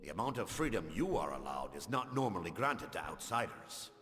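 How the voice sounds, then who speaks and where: A man's voice: low-pitched, sing-song, brisk, a bit bright, faint music behind. An actor voicing a courteous male household servant and healer in a video game, speaking formally. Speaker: game character.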